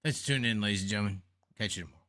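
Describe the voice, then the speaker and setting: A man's voice: lowish voice, racing, fairly bright tone, dry recording, studio quality. A man hosting a casual livestream, rambling and profane, worn out after hours on air. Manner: rambling, profane, jokey sign-off. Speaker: livestream host. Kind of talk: casual late-night livestream chat.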